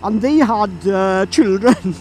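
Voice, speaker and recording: Speaking slowly in a high, darkish voice, a Welsh-accented man from Llanelli wanders through a story on his motorbike, often breaking into laughter. He's a motorcycle vlogger recording outdoors, and the poor audio carries a little hiss or hum.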